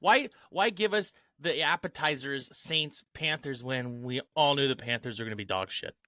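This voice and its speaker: A man's voice: medium pitch, normal speed, pushed and bright, no room sound, studio quality. A man hosting a sports podcast who throws in wry quips and steers the conversation. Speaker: podcast host. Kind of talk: casual sports chat.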